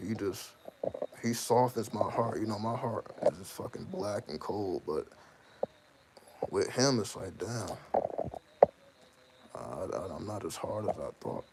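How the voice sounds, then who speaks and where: Man, gravelly low voice, rambling casual monologue, slangy, restarts often, clear background noise. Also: measured pace, long pauses. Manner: rambling, self-interrupting, heavy slang. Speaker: channel host. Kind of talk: casual personal monologue to viewers. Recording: steady audible background noise.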